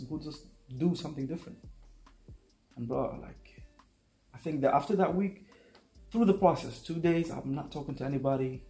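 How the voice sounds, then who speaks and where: A young man, a native Arabic speaker, telling his story in a relaxed, casual conversation and acting out the people he quotes. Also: mid-range voice, echoey room. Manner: relaxed, uses "like" and "bro", acts out quotes. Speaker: guest.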